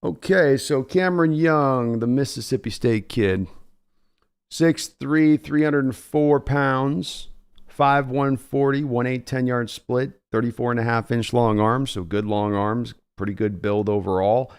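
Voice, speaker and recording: A man's voice: mid-range voice, steady tone, a little slow, smooth. A man hosting a live draft reaction stream, breaking down prospects analytically in a casual way and reading out viewer comments. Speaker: host.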